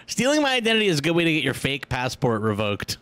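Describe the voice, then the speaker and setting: Guy cohost, deadpan jokes, smooth resonant voice. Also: fairly high pitch, fast talker, dry recording. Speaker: co-host. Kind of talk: casual chat.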